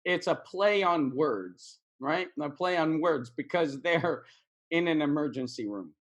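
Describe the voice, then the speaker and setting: A man's voice: fairly high pitch, lively intonation, unhurried. A man teaching English in a casual video lesson, repeating words and phrases for practice.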